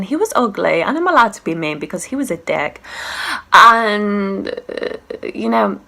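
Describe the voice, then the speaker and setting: A young woman in her twenties telling a storytime vlog, brash, sweary and animated. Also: medium pitch, a little slow, vocal fry. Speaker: vlogger.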